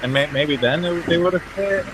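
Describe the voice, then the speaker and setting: A man's voice: fairly high pitch, normal speed, noisy background. A man on a junk removal crew, chatting casually and laughing often while he tells what happened. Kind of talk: casual group chat.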